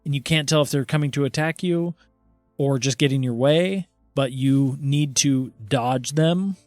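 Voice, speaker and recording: Man, game master, playful tabletop narration, mid-pitched voice, laughs often, faint music behind. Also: unhurried, a little mellow, dry recording.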